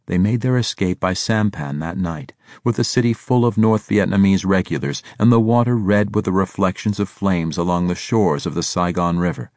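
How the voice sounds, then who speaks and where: This low-pitched male narrator delivers scripted audiobook narration at an even, measured storytelling pace. There is no room sound, and the audio is studio-clean.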